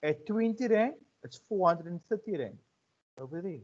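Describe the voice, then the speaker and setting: A man giving a relaxed economics lecture, often checking in with his students. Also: high voice, moderate pace. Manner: conversational, checks in with 'right?' and 'okay?'. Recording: muffled lo-fi audio.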